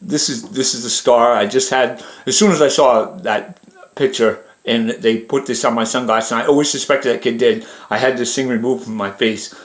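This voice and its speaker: A man's voice: medium pitch, steady tone, moderate pace. A man talking in a rambling, repetitive monologue, pointing out details in pictures as he goes. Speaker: vlogger interpreting images. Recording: roomy echo.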